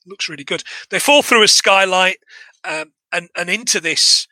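An English man casually retelling a film plot to a co-host, animated and chatty, laughing and swearing now and then. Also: sits high, normal speed, no echo, low-quality recording. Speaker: podcast co-host. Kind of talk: casual film recap chat.

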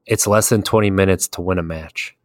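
A man with a very deep voice tells gaming stories in a loose, conversational way and laughs at his own tales. The sound is dry and close, with no room around him. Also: fairly even intonation, brisk, no echo. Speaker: podcast co-host. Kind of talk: casual chat about video games.

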